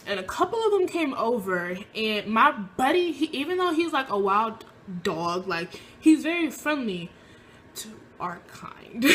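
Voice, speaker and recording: Animated young woman telling a story. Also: on the high side, a little hiss or hum. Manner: animated, acts out quoted lines in a raised voice. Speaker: vlogger. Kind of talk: casual storytelling.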